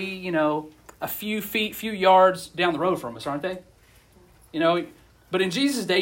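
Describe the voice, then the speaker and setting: Man, preacher, high voice, husky, conversational, animated. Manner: conversational, asks the audience questions, animated. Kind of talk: casual sermon to a youth group.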